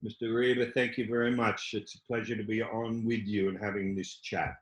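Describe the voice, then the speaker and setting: Older Australian man, low voice, dry teasing guest on a video call, echoey room. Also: flat delivery, fairly quick. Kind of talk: casual video-call chat.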